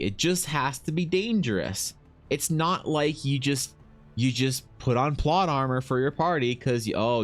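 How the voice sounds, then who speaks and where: A man streaming live as a fantasy artist, chatting casually with viewers in a rambling, profane, joking way, full of restarts. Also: mid-range voice. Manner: rambling, profane, jokey storytelling with many restarts. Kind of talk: casual livestream chat. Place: home streaming setup.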